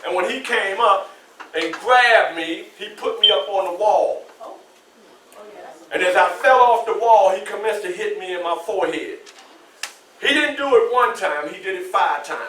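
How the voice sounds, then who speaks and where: A man's voice: high voice, normal speed, sharp tone. A man in his sixties, a guest speaker telling a class a personal story with vivid, repetitive phrasing and questions to the room. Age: 60s. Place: school classroom indoors. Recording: echoey classroom, distant mic.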